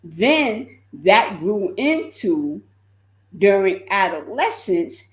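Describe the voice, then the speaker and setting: A woman coaching her viewers in a motivational livestream, speaking slowly and leaning on repeated words for emphasis. Her voice sits a bit low and carries a roomy echo. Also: expressive, a little mellow. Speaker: life coach.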